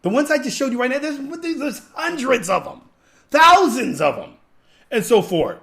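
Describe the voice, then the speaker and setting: A man's voice: very high-pitched, sing-song, moderate pace, vocal fry, fairly bright tone. A man hosting a podcast, giving an emphatic, repetitive, preachy rant to his viewers. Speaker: podcast host. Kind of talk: ranting commentary.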